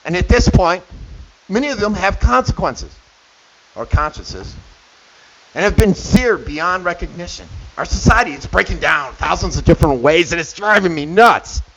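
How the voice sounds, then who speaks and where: A man's voice: high voice, animated, moderate pace, a bit bright. A middle-aged man hosting a radio show, delivering an indignant opinion monologue with sarcastic asides. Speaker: radio host. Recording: dull lo-fi with faint hiss.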